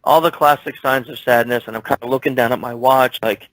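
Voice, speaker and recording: A man's voice: mid-range voice, brisk, no echo, rough recording. A man guest in an interview, telling a story from his work and acting out the dialogue in it. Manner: animated, acts out dialogue in his stories. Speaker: security expert guest. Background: speaking while standing at his desk.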